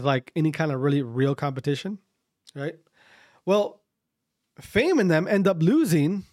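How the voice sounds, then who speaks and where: A man with a fairly high voice, recorded at studio quality with no echo, casually tells his viewers a long, rambling story, repeating himself and swearing often.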